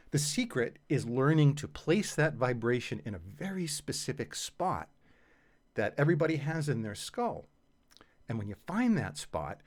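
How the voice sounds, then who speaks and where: A man teaching singing, explaining technique in a patient, conversational way with casual fillers. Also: mid-range voice. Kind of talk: explanatory voice lesson.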